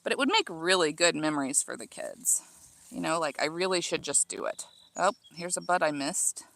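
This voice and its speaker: A woman's voice: deep voice, expressive, normal speed, creaky, a bit bright. A woman in her thirties from Illinois, chatting casually with livestream viewers while trimming herbs in her garden, reading their comments aloud and talking with many fillers and restarts. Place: outdoor home garden.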